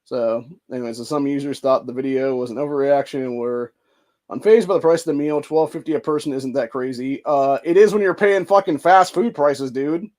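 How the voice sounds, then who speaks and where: A man's voice: medium pitch, a little fast, darkish tone. A man from Ohio hosting a podcast, ranting heatedly and swearing constantly while reading news and comments aloud. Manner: profane, heated, swears constantly and says dude. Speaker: podcast host.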